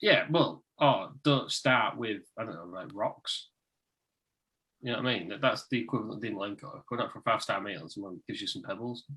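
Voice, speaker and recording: A man's voice: fairly low pitch, fairly quick, bright, forceful tone. A man co-hosting a casual wrestling review podcast, emphatic and laughing often. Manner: reads notes aloud, laughs often, emphatic. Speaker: podcast co-host.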